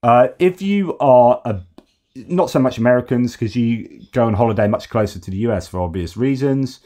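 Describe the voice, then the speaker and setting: A man's voice: medium pitch, normal speed, dark tone. A man from the UK hosting a casual news commentary show, talking loosely with sarcastic, mocking asides. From United Kingdom. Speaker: host.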